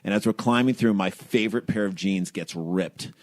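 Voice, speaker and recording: A man with a fairly low voice tells a comic story on a podcast. He acts out other people's lines and breaks into shouted, laughing outrage. The sound is dry and close, with no room echo. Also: normal speed. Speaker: comedian guest telling a story.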